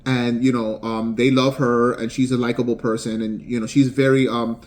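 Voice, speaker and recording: A man's voice: medium pitch, little pitch movement, moderate pace. A man, an author and game developer, giving a casual motivational talk with rambling phrasing, frequent fillers and repeated words.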